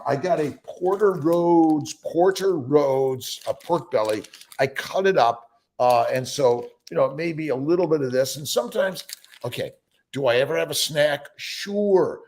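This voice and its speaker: A man's voice: fairly high pitch, measured pace, vocal fry, darkish tone. A man hosting a casual morning livestream, rambling with many fillers as he greets viewers by name. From United States. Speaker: livestream host.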